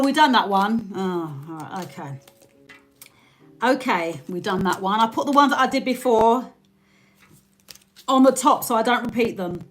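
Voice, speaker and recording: A woman's voice: fairly high pitch, fairly bright tone. A British woman hosting a casual live stream, chatting and laughing with her viewers and thanking them by name. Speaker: livestream host.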